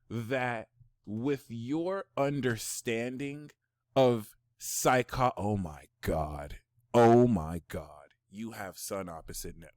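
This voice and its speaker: A man giving a personal astrology reading, excitable and slangy, swinging from hushed talk to excited shouts. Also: mid-range voice, no room sound, studio quality.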